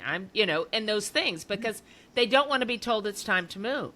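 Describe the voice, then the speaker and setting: A woman in casual podcast conversation, telling an animated anecdote and quoting what others said. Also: mid-range voice, moderate pace. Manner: animated storyteller, quotes others' words. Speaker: podcast co-talker. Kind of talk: casual chat.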